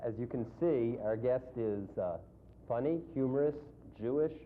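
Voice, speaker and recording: Male rabbi host, relaxed interviewer, lo-fi archive TV with faint hiss. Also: mid-range voice, moderate pace. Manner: relaxed, laughs easily at the guest. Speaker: rabbi and talk show host. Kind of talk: interview hosting. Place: television studio. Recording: tinny phone-like archive broadcast with faint hiss.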